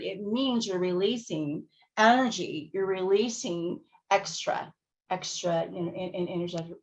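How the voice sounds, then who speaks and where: A woman giving a conference talk that walks listeners through calming techniques, speaking in a gentle, guiding way and chuckling often. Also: lowish voice, a little slow. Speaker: plenary speaker. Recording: dull lo-fi audio.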